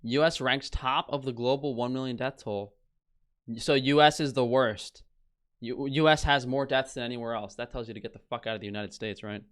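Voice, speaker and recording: Brief young male streamer, profane and scornful, mid-pitched voice, casual rant over headlines. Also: steady tone, normal speed, a bit bright. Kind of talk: casual ranting commentary.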